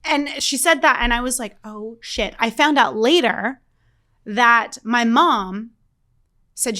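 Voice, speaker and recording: Her pitch is fairly high and her delivery slow as this woman in her thirties, a podcast co-host, shares a story in easygoing chat. She swears liberally and stays animated and self-deprecating.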